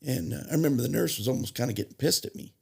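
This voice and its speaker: A man telling his recovery story as a podcast guest, halting and restarting as he goes, plainly moved as he recalls it. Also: mid-range voice, creaky, husky. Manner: halting, restarts and self-corrections, emotional retelling. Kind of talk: personal storytelling.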